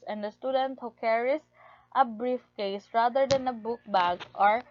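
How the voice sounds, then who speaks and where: A woman with a fairly high voice delivers a lecture at a very unhurried pace, reading from her notes and leaning on key words. The recording is dull and lo-fi, with a dry, close sound and no room around her. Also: a little hiss or hum. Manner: reads steadily from notes, stressing key words.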